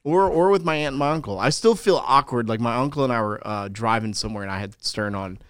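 A man's voice: mid-range voice, quick pace, clear, resonant tone, no room sound, studio quality. A man co-hosting a casual podcast, telling rambling stories full of crude jokes. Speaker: podcast co-host.

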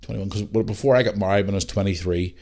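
A man's voice: on the low side, fast talker, a little mellow. A Northern Irish man in his thirties hosting a podcast, telling rambling stories in casual chat and swearing freely. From Northern Ireland. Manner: swears a lot, rambling storytelling. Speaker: podcast host.

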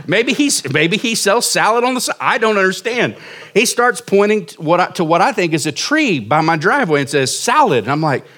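A man's voice: high voice, big pitch swings, a little fast, a bit bright. A man in his forties preaching a sermon as pastor, telling a story casually and making fun of himself. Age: 40s. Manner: casual, self-mocking storytelling.

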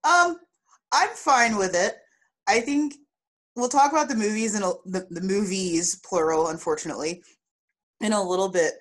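A woman co-hosting a podcast, talking in a chatty, animated way with lots of fillers. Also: medium pitch, normal speed, long pauses. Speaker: podcast co-host. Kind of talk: casual chat.

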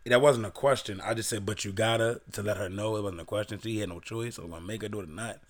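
A man's voice: lowish voice, fast. A young man from Baltimore, a podcast co-host, casually telling a profane story and reading old messages aloud.

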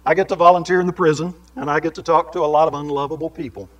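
A man teaching a Bible lesson in sermon style, swinging between raised, emphatic preaching and quiet asides, with many rhetorical questions to his listeners. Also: on the high side, steady tone, very fast, low-quality recording.

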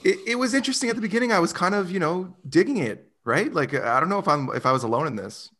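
A man's voice: high-pitched, expressive, quick pace, fairly bright tone. A man hosting a movie podcast in easygoing casual chat, full of fillers. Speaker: podcast host.

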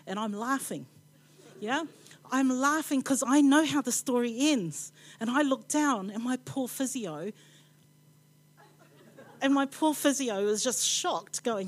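Chatty New Zealand woman preaching. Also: sits high. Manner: rambling and playful, with asides and quick laughs. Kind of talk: chatty conversational sermon. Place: church.

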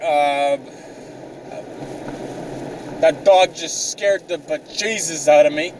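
A man's voice: a little high, slow, recorded from a distance, a little hiss or hum, rough recording. A young man vlogging outdoors on the move, telling a rambling, profane, sarcastic comic story. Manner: rambling, swears constantly, sarcastic. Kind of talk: profane comedic rant.

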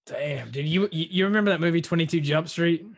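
A man in casual chat, teasing his friends with quick reactions and lots of "bro" and "dude". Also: fairly high pitch.

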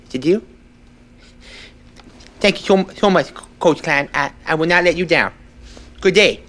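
A man's voice: fairly high pitch, moderate pace, fairly bright tone, close to an everyday voice. An actor playing a shy, earnest young man who stammers and speaks in an overly formal, polite way.

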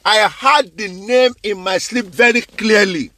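A male preacher with a high-pitched voice delivers his sermon in a dry, close recording. He is fervent and keeps coming back to the same words. He presses his listeners with direct questions. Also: a little slow, bright, forceful tone, no room sound. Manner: fervent, repeats phrases for emphasis.

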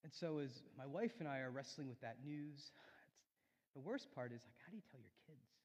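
A man's voice: medium pitch, expressive, brisk. Earnest male pastor in reverberant hall. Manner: earnest storytelling, swelling louder then dropping soft. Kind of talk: sermon. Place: church sanctuary.

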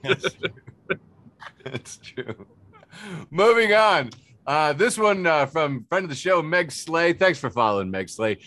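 A man's voice: a little high, lively intonation, slow pace, pauses often, a bit bright, no room sound. A man co-hosting a podcast, describing memes enthusiastically with frequent uhs. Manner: enthusiastic, hesitant with many uhs. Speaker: podcast co-host. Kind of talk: casual chat reading memes.

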